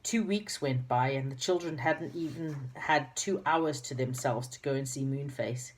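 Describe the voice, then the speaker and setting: A woman's voice: rumbling low, unhurried. A woman reading a children's book aloud, with chatty asides and small slips. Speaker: reader.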